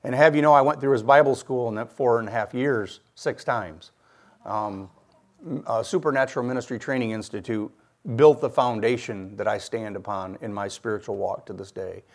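A man's voice: medium pitch, normal speed. Middle-aged man from Michigan, guest sharing a faith testimony, earnest storyteller, mid-range voice. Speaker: guest giving his testimony.

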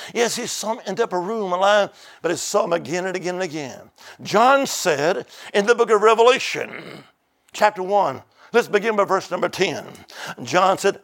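A man preaching a rousing sermon to a church, calling out to the congregation and swinging from hushed lines to shouts. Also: sits high, gravelly.

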